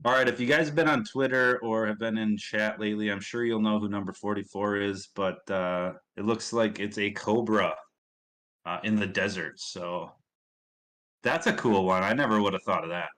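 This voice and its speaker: A man's voice: lowish voice, moderate pace, fairly bright tone, low-quality recording. Upbeat Midwestern man hosting a stream. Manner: upbeat, rambling with fillers and restarts. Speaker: stream host. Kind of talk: casual livestream commentary.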